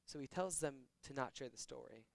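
A man reading scripture verses aloud and explaining them in a relaxed, conversational teaching style. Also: medium pitch, creaky, dry recording. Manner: reads verses slowly then explains in casual, conversational asides. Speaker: Bible teacher.

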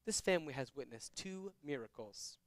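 A man reading scripture verses aloud and explaining them in a relaxed, conversational teaching style. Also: a little high, no room sound. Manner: reads verses slowly then explains in casual, conversational asides. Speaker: Bible teacher.

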